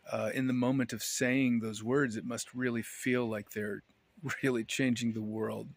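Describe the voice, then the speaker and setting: A man's voice: medium pitch, a bit bright. A man talking casually to his camera at home, rambling and wry, often breaking off mid-sentence. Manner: rambling, self-interrupting, wry. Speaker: vlogger. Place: indoors, at home.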